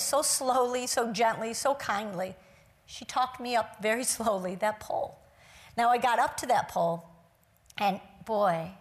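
A woman giving a talk to a live audience from a stage, telling a personal story in an earnest, reflective way. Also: fairly high pitch. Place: stage before a seated audience.

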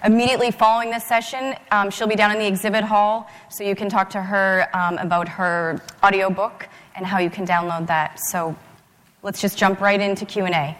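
A woman moderating a conference session, excited and chatty. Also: medium pitch, a little fast. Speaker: event moderator. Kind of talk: stage announcements. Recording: hall reverb, crowd, far from mic.

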